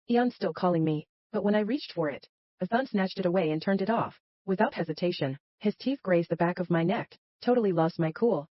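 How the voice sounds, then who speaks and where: A woman's voice: lowish voice, expressive, moderate pace, slightly rough, no echo, muffled recording. A woman narrating a first-person romance story in a dramatic way, with sighs between lines.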